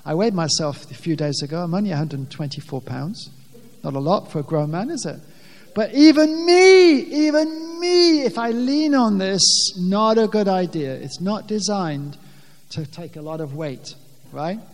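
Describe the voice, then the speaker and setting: A man preaching a sermon from a pulpit, speaking earnestly in plain words, often restarting his sentences and rising loudly when he quotes scripture. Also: on the high side, normal speed, long reverb tail. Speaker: pastor. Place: church with a pulpit, long reverb.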